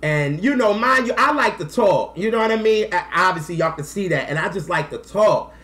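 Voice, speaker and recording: A man in his thirties telling a personal story to camera in a casual, animated way, acting out quotes and close to tears. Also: sits high, fairly quick. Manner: animated, acts out quotes, slangy. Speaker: music vlogger.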